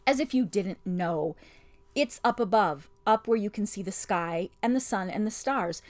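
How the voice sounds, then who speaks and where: A woman's voice: mid-range voice, animated, moderate pace, dry recording, natural voice. A woman voicing a schoolboy who speaks in an exasperated, urgent way. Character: impatient schoolboy fighting an enchantment.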